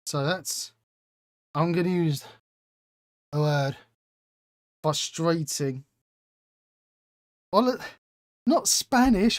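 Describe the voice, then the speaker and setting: A man's voice: fairly high pitch, expressive, extremely slow, pauses often, no room sound, studio quality. A man hosting a live stream, chatting casually and reading out chat with self-mocking humor. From England.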